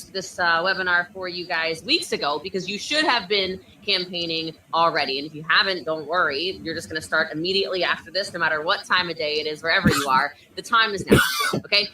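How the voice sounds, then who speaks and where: A woman coaching network marketers over a video call, talking with high energy and emphatic conviction. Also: bright, forceful tone, distant mic, a little hiss or hum, poor audio. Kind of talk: motivational coaching talk.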